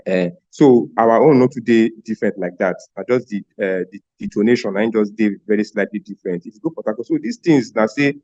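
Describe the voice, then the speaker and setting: Man, Nigerian Pidgin accent, TV studio guest, halting and searching for words, dry close sound. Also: on the low side, a little mellow, no room sound, muffled recording. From Edo State, Nigeria. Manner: halting, with many restarts and fillers. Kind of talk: studio interview answer.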